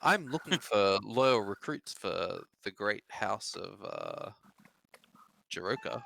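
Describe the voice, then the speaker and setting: A man voicing an adventurer trying to recruit a stranger, speaking slowly and persuasively. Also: fairly low pitch, lively intonation, creaky, fairly bright tone, slight background noise, pitched below the performer's own voice, exaggerated voice.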